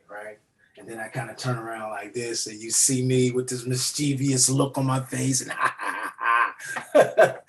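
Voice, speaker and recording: A man on a video call from a room at home, chatting as an interview guest and animatedly acting out the voices in his story. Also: medium pitch. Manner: animated storyteller who acts out quoted voices. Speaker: nominated actor guest. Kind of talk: casual interview chat.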